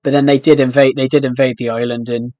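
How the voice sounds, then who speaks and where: A man's voice: medium pitch, little pitch movement, fast, a little mellow, dry recording, soft background music. A man hosting a gaming channel, chatting casually and rambling, with frequent restarts and fillers. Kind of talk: casual chat over gameplay.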